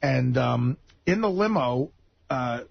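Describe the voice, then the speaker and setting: A man telling comic stories on a radio talk show, his voice jumping up when excited. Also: medium pitch, slow, gravelly. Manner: animated comic storyteller, voice jumps up when excited. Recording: dull lo-fi radio broadcast sound.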